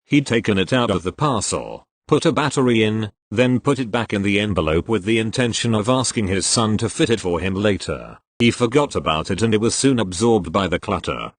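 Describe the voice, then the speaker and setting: A man reads tech-support stories aloud in a low voice that swings up and down lively through each sentence. His telling is dry, and he gives quoted lines small voice shifts. The recording is close and dry, with no room sound around him. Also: brisk, few pauses, dry recording. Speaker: narrator reading posts aloud. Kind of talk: narrated story reading.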